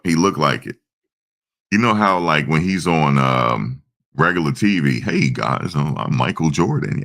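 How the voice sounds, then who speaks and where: A man casually telling stories, acting out voices with sudden high-pitched outbursts in profane, slangy talk. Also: pushed and bright. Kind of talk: casual storytelling.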